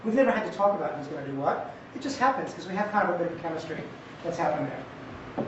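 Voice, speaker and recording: A man giving an academic conference talk in a conversational, lively way with jokey asides. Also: on the high side, fast talker, noisy background. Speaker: conference presenter. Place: lecture hall. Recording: echoey hall, distant mic, dull sound.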